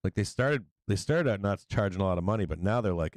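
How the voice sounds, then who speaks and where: Middle-aged male livestream host, slightly low, smooth voice, dry close sound, casual and giggly. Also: expressive, quick pace, dry recording, rough recording. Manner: giggly, playful, often laughing and drawing words out. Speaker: stock market livestream host. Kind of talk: casual live market commentary.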